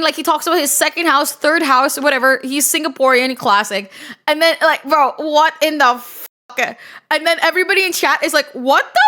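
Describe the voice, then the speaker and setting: A woman streamer talking to her chat in a high, bright, ringing voice. She rambles through stories, swears freely and gets worked up fast. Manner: excitable, swears often, shouts and laughs. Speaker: streamer reacting live. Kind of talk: casual livestream chat.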